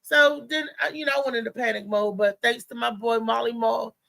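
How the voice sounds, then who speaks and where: A woman hosting a live show, telling a story in a chatty, animated way. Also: on the high side, brisk, creaky, dry recording. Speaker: host. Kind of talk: casual live show chat.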